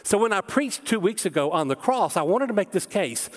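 A man preaching from the pulpit with a fairly high voice, emphatic and direct, and he often turns to his listeners with rhetorical questions. His voice carries a long reverb, as in a large church sanctuary. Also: sing-song, fairly quick. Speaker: pastor. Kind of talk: sermon.

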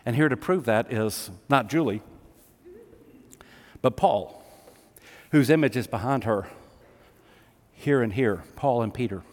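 A man's voice: mid-range voice, unhurried, long pauses. A man preaching a sermon to a congregation, talking in an emphatic, conversational way. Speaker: pastor. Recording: long hall reverb, live sermon.

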